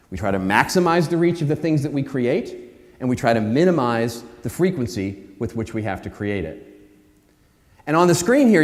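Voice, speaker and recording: Man, keynote speaker, lively up-and-down delivery, long hall reverb. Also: medium pitch. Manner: emphatic, repeats phrases for effect, asks the audience questions. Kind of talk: conference keynote speech. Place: conference hall.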